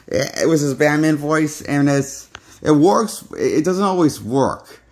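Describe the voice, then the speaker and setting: Here a movie critic with a slightly high voice talks unhurriedly through a casual review recorded on a handheld phone. He rambles, speaks bluntly, and says the same things more than once.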